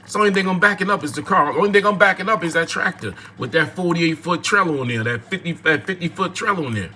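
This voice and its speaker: Male livestream host, preachy and repetitive, bright forceful tone, light noise floor. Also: fairly high pitch, animated, fast talker. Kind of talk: casual live talk.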